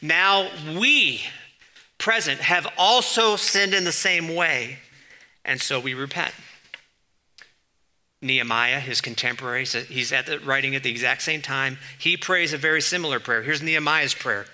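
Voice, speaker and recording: A man preaching a conversational sermon, reading scripture passages aloud and breaking off into quick, informal asides. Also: medium pitch, bright, forceful tone. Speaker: pastor.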